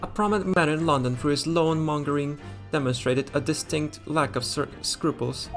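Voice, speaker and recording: A man voicing a menacing male villain with a put-on French accent, smooth and theatrical. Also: fairly high pitch, normal speed, pitched above the performer's own voice, close to an everyday voice. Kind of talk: voicing game dialogue on a stream. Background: game music.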